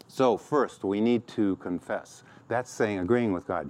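A man's voice: fairly low pitch, unhurried, a little mellow. A middle-aged man preaching a sermon as pastor, acting out quoted complaints in a raised voice.

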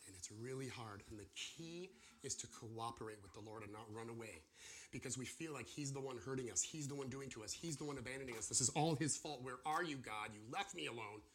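A man teaching an informal sermon to a class, animated and acting out the voices of people and God. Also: medium pitch, quick pace, slight background noise. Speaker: pastor or church teacher.

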